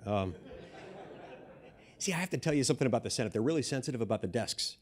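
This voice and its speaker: A man's voice: medium pitch, animated, fast. Man telling a dry, self-mocking story. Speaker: senator giving a speech. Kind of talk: humorous anecdotal speech.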